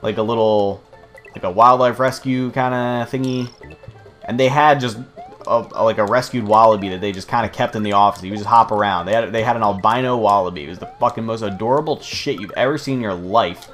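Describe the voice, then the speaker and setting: Low-voiced rambling profane American man. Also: fairly quick, fairly bright tone, faint music behind. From United States. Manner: rambling, profane, easily sidetracked. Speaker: let's play host. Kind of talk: gameplay commentary.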